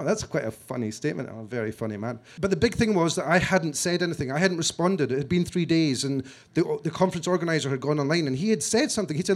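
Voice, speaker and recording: A man from Scotland telling a story to an audience, self-mocking and halting, with frequent restarts, acting out what other people said. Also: on the high side, darkish tone. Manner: halting restarts and repeated words. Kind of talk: storytelling talk.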